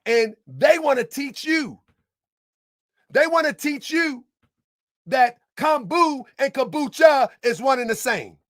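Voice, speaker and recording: A man's voice: extremely high pitch, sing-song, slow pace, no echo. Combative man ranting in a dry room. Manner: combative, emphatic, repeats points, bursts into shouting. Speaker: online commentator. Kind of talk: heated rebuttal monologue.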